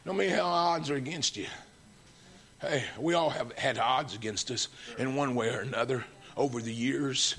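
A middle-aged man preaching a fervent sermon, swinging from shouts to hushed, tender passages. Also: medium pitch, moderate pace.

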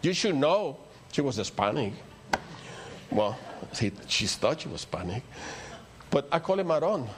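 A man's voice: mid-range voice, very animated, unhurried, slight background noise. An older man with a Spanish accent, a native Spanish speaker, preaching a rambling, story-filled sermon that builds to emphatic peaks. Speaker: pastor.

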